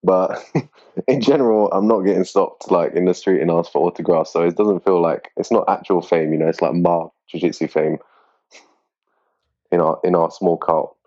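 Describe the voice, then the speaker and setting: A man being interviewed as a grappling competitor, talking in a relaxed, rambling way with lots of fillers. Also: low-pitched, normal speed. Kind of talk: casual interview chat. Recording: dull lo-fi sound.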